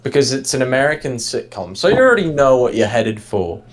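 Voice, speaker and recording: A man chatting casually on a stream, trading jokes with a laugh never far away. He swears freely and talks at an ordinary pitch and pace. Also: very animated, brisk. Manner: joking, profane, laughs often. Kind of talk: casual chat.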